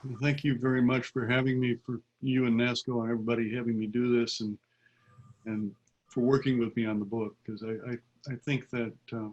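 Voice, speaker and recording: An older man, an author, answering in an interview over a video call, earnest and halting, often repeating words. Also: medium pitch, little pitch movement, highs cut off.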